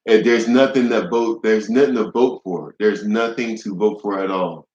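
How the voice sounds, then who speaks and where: A man's voice: on the low side, fairly even intonation, moderate pace, darkish tone, roomy sound, muffled recording. A young man delivering a blunt, profane, heated monologue to camera, with frequent restarts. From United States. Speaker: vlogger.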